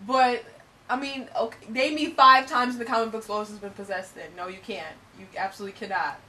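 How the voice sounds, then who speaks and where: A young woman with a Michigan accent, talking in a bright, crisp voice that sits a little high. She co-hosts a casual review chat and argues her points in a chatty, opinionated way, laughing easily. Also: fairly even intonation, brisk, recorded from a distance, low-quality recording. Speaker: podcast co-host.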